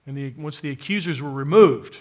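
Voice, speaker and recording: Preaching briskly to a church congregation, with an online audience also tuned in, a man hammers home his points through emphatic repetition and faces the room directly. His voice is pitched a little above the typical male range.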